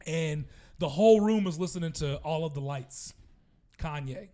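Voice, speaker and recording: A man from the American South co-hosting a podcast, telling stories in a relaxed, laid-back way. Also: a little high, normal speed. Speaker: podcast co-host. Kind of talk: casual chat, storytelling.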